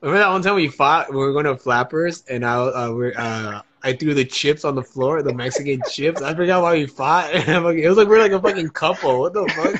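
A man's voice: a little high, brisk, hardly any pauses, fairly bright tone, lo-fi sound. A young man from California, rambling in casual banter with lots of swearing and fillers.

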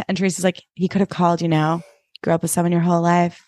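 A woman's voice: fairly low pitch, flat delivery, quick pace, a little mellow, no room sound, clean studio sound. A woman co-hosting a podcast, retelling plot points in casual chat, full of "like". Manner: conversational storytelling, frequent "like". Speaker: podcast co-host.

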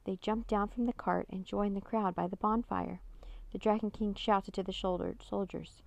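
A woman reading a children's chapter book aloud in a steady, measured way. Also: medium pitch, creaky, no echo. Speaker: narrator. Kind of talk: storybook read-aloud.

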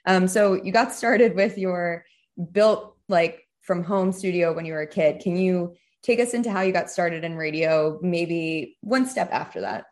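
A woman's voice: on the low side, measured pace, a little mellow. Curious woman podcast co-host. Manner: curious, conversational questioning. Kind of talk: casual interview chat.

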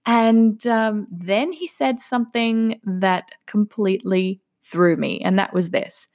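A woman's voice: mid-range voice, expressive, measured pace, few pauses, a little mellow, no echo, clean studio sound. A woman in her late thirties from Australia with an Australian accent, telling stories in a casual solo podcast and laughing often. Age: 30s. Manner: chatty, laughs often, acts out quoted voices. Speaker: podcast host.

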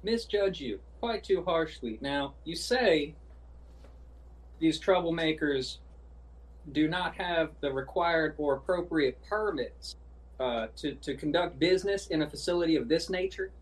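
A man's voice: a little high, animated, measured pace. A man voicing a courteous, wordy adventurer who talks in formal, flowery phrases, heard from a distant mic. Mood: smooth.

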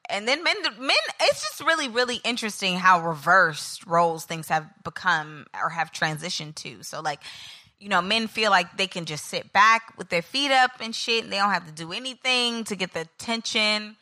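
A woman in her thirties co-hosting a podcast, blunt and profane, with quick comebacks in casual chat. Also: mid-range voice, animated, bright, forceful tone. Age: 30s. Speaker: podcast co-host.

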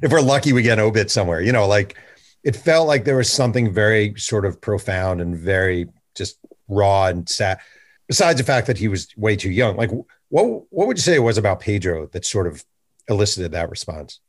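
A man's voice: on the low side, expressive, fairly quick. A man hosting a podcast, asking questions in a casual, chatty way with plenty of fillers. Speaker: podcast host. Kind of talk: casual interview chat.

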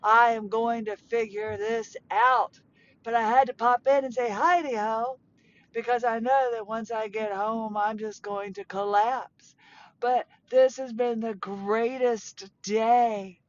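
A woman in her forties with a hoarse, strained voice, excitedly rambling through a casual personal update. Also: fairly high pitch, takes it slowly, highs cut off. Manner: excited, rambling, breathless enthusiasm. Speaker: podcast host.

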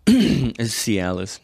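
Man, podcast host type, lowish voice, swears a lot, loose rambling comic monologue, dry close sound. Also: huge pitch swings, very slow, darkish tone, dry recording. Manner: profane, rambling, restarts and self-corrections; laid-back, addresses listener as "dude". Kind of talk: casual comedic monologue.

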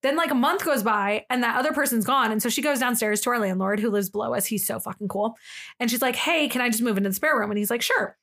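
A young woman co-hosting a podcast, telling a story in casual chat, animated, laughing often and acting out the people in it. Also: fairly high pitch, fast talker. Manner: animated, laughing, acts out quoted voices. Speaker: podcast co-host.

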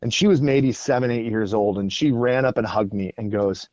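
A man's voice: fairly low pitch, normal speed, a little mellow, no echo. A man who is a guest on a podcast, telling stories in an earnest way and often repeating words, on a dull lo-fi recording. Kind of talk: casual podcast interview.

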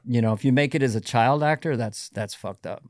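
A man's voice: medium pitch, fairly quick, dry recording, clean studio sound. A middle-aged man, a comedian guest in casual podcast chat, musing and giving advice in a wandering way.

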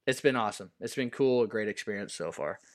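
A man's voice: lowish voice, lively intonation. A young man, a baseball player, talking casually as an interview guest with many fillers and restarts. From US Pacific Northwest. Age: young adult. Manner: halting, full of fillers and restarts.

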